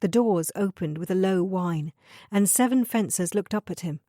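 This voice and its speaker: A woman narrating an audiobook thriller in a measured, even storytelling manner. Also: mid-range voice, no room sound, clean studio sound. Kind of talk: scripted narration.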